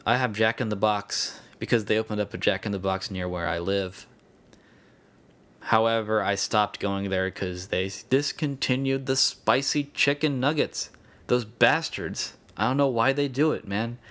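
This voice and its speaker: A man's voice: lowish voice, a bit bright. A young man hosting his own podcast, rambling in a casual, profane and self-mocking way. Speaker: podcast host.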